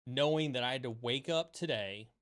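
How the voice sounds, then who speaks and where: A mid-range male voice, somewhat bright and moderately paced, belongs to a streamer hosting a chat from his home setup. He delivers a passionate, repetitive pep talk peppered with swearing and emphatic repetition, afterward fielding viewer questions.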